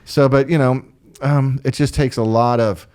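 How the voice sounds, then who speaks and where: A man's voice: mid-range voice, normal speed, clear, resonant tone. A man telling work stories in a loose, casual chat. He jumps between his own voice and impressions of the people he describes, stumbling and restarting as he goes. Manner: animated, acts out voices in anecdotes, frequent restarts. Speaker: guest line producer.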